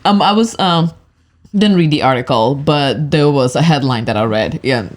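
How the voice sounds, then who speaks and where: A young woman who is a guest on a podcast, chatting casually and reacting with quick laughs. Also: low-pitched, lively intonation. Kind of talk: casual chat.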